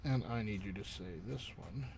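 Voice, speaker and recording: A man's voice: fairly low pitch, moderate pace, vocal fry, background noise. A middle-aged man teaching as a dialect coach in a live-streamed accent class, talking in an enthusiastic, conversational way with frequent asides.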